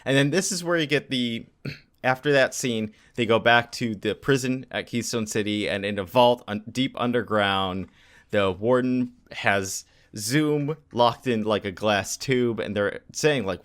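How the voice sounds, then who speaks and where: A man's voice: lowish voice, moderate pace, fairly bright tone. A man co-hosting a podcast, rambling through a comic recap with many fillers. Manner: rambling, reads panels aloud with frequent fillers. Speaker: podcast co-host. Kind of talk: casual comic book discussion.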